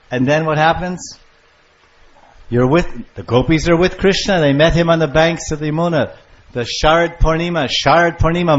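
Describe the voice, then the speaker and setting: An older man giving a devotional lecture on scripture, storytelling with lively acted-out voices. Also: a little high. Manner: animated storyteller, acting out lovers' calls. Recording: muffled lo-fi lecture recording.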